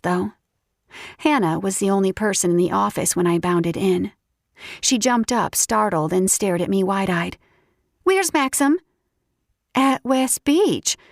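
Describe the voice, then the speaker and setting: A woman narrating a first-person romance audiobook with lively, expressive storytelling. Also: mid-range voice, creaky, no echo, studio quality.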